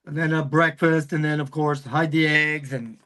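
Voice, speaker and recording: A veteran man from California recalls things slowly, his talk full of pauses and fillers. His voice sits a little high for a man. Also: fairly even intonation, pushed and bright. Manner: hesitant, many fillers. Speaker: guest, Marine veteran. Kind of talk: casual chat.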